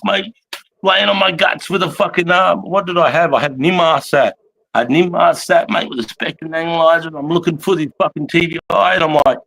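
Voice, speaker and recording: A man's voice: a little high, lively intonation, brisk, vocal fry, a bit bright. A man in his forties with an Australian accent, an army veteran telling war stories in a casual, rambling, heavily profane way and laughing often. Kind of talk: casual storytelling chat.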